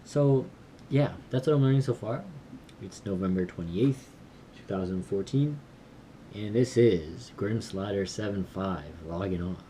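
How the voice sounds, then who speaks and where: A man recording a casual study vlog, slowly sounding out and repeating words he is learning, with small self-deprecating laughs. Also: on the low side, warm tone, slight background noise. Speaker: language learner vlogger.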